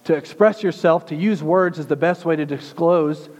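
A man's voice: fairly high pitch, normal speed, a little mellow. Male pastor preaching in a reverberant hall. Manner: conversational teaching with frequent restarts. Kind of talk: sermon. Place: church sanctuary.

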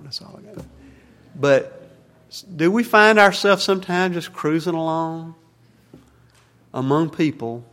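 A man's voice: medium pitch, creaky, fairly bright tone, big-room sound. A man preaching as a Baptist pastor in a church, plainspoken and folksy, with fillers and restarts. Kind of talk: sermon and closing prayer. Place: church sanctuary.

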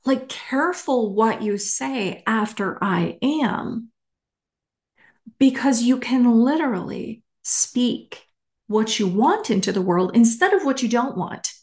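A woman's voice: a little high, expressive, slow, a little mellow. A woman hosting a solo podcast, talking in a candid, emphatic way and swearing casually. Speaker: podcast host.

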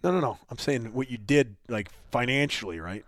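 A man's voice: mid-range voice, moderate pace, a bit bright, no echo, clean studio sound. Man rambling and joking on a podcast. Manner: joking, rambling, swears casually. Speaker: podcast host. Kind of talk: casual chat.

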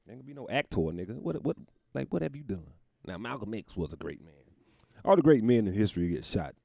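A man with a low, warm voice riffs profanely in a casual podcast monologue, his pitch leaping up and down as he rambles. The sound is dry and close, with no room around it. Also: sing-song, quick pace, vocal fry, no room sound. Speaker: comedian.

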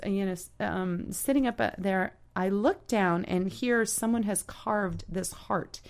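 A woman tells a heartfelt story in casual chat. Her voice sits at a middle pitch. She talks haltingly, restarting often and filling pauses with "you know". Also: creaky. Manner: earnest, heartfelt. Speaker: storyteller guest.

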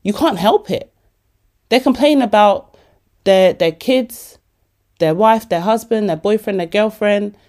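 A woman hosting a podcast, giving casual motivational talk in an animated, chatty way, laughing often. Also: mid-range voice, unhurried. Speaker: podcast host.

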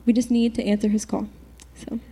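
An earnest teenage girl shares her faith testimony with a church group. She talks in a halting way, full of fillers and restarts. Her voice sits a little high but has a warm, mellow tone. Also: level tone, slight background noise. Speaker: youth speaker giving a testimony.

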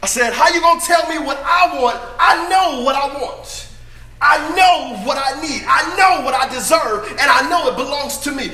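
A man's voice: very high-pitched, moderate pace, echoey room, full character voice. A man playing the brash prodigal son. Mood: boastful. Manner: emphatic, preachy, often shouting. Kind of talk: dramatic first-person monologue to an audience.

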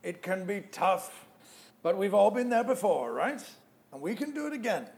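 A man's voice: high voice, big pitch swings, moderate pace, gravelly, exaggerated voice. A man playing a seasoned, weary actor in a comedic audio play, hesitant but reassuring.

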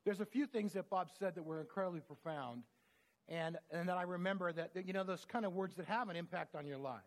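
A man's voice: high voice, fairly quick. A man preaching a sermon, telling stories in an earnest, conversational way.

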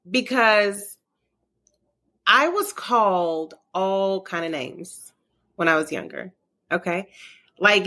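A bright, forceful woman talking bluntly on a casual podcast. She swears freely and acts out quotes with a tough edge. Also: mid-range voice. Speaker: podcast co-host. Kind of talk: casual chat.

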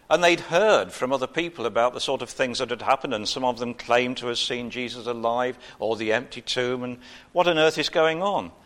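Male preacher, chatty informal sermon, light humor, unhurried pauses. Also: medium pitch. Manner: conversational, pauses with uh, gentle humor.

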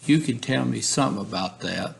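A man reading as a patient, gravelly police negotiator. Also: medium pitch, fairly quick. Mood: coaxing. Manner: steady, repetitive coaxing reading. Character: male police negotiator, patient, persistent, pleading. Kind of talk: reading a case transcript aloud.

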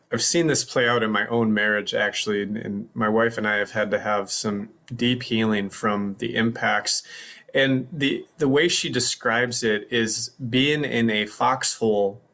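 A man's voice: on the low side, a bit bright. A man hosting a podcast, speaking in a conversational, reflective way. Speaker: podcast host. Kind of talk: podcast interview.

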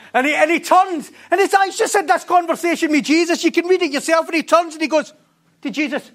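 A man with a strikingly high voice preaches to his congregation with energy. He laughs often and keeps asking his listeners questions as he builds his points. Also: moderate pace. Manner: animated, laughing, asks the congregation rhetorical questions. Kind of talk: sermon.

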